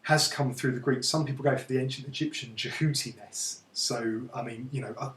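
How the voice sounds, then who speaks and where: A man's voice: medium pitch, fairly even intonation, a little fast, fairly bright tone. A man tutoring in Egyptology, explaining things in a casual, agreeable chatting way. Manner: easygoing, agreeable, conversational. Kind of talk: casual teaching chat. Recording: echoey room.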